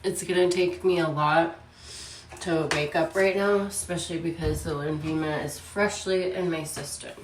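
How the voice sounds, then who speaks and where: A woman vlogging casually about her days, tired and out of breath, speaking softly. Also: deep voice, steady tone, roomy sound, recorded from a distance, noisy background. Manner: weary, speaking softly and slowly. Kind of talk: casual personal vlog. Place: hospital room, then home.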